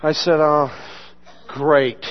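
A storytelling pastor with a voice pitched a little above most men's, working through a personal testimony from the pulpit. He drops into the voices of the people he quotes and laughs often. The recording sounds dull and lo-fi. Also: level tone, extremely slow. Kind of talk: sermon testimony. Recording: muffled lo-fi sermon recording.

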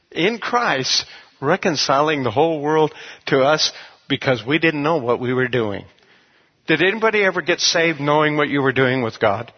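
A man's voice: on the high side, breathy edge, lo-fi sound. A man preaching a sermon as a pastor, in a conversational, storytelling way.

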